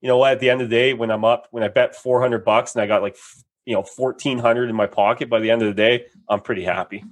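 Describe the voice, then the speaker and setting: A man's voice: mid-range voice, fairly even intonation, quick pace. A man, a podcast host telling stories animatedly and laughing often in casual chat.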